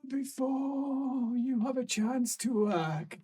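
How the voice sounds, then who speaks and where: A game master voicing an ancient, trapped, secret-keeping creature that whispers low threats and breaks into cruel laughter. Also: darkish tone. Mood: mocking. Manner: low menacing whispers broken by cackling laughs. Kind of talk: improvised tabletop role-play.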